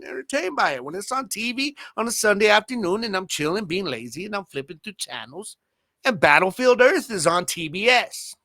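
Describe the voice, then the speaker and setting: A man's voice: high voice, bright, forceful tone, dry recording, clean studio sound. A man in his thirties hosting a podcast, talking in laid-back, slangy banter and laughing often. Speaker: podcast host. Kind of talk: casual chat.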